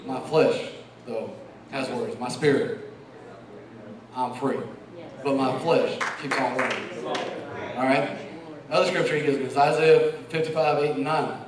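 A man's voice: medium pitch, fairly even intonation, a little slow, pauses often, crowd noise. A middle-aged man giving an earnest, emotional church testimony and quoting scripture, with laughs between lines. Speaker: lay preacher. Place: church sanctuary. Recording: echoey hall, mic far off.

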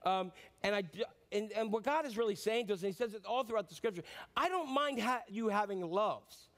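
A man in his fifties preaching a lively, rambling sermon, joking about himself and often restarting his sentences. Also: high voice, brisk. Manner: animated, rambling, self-mocking sermon with many restarts. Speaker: pastor.

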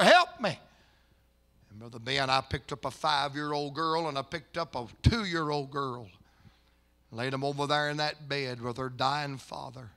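An older man, a pastor, telling a story in a sermon, folksy at times and rising into impassioned, shouted preaching in a church. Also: a little high.

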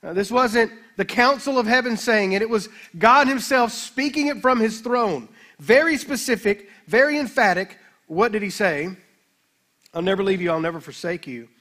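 A man pastor preaching a sermon, emphatic, with slow dramatic scripture readings. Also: high voice, bright, forceful tone.

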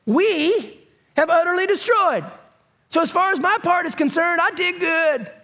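A man's voice: very high-pitched, lively intonation, a little slow, creaky, sharp tone, pitched above the performer's own voice, heavily acted. A preacher acting out a proud king who brushes off blame with pompous excuses. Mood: defensive. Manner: pompous, blustering.

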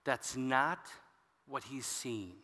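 A man's voice: medium pitch, drawn-out words, pushed and bright, big-room sound. A man preaching a sermon as pastor, explaining scripture with conversational asides to the congregation.

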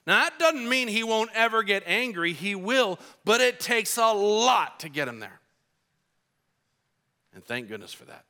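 Middle-aged man, pastor, sermon, earnest and animated, bright, slightly high voice. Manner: earnest and animated, acting out his own frustrated shouting in stories.

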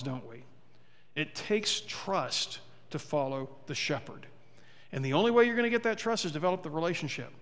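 A man's voice: high-pitched, a bit bright. Male pastor, chatty and funny sermon delivery, slips into character voices, church hall echo. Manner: conversational, humorous, acts out quoted voices. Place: church sanctuary. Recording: long church hall reverb.

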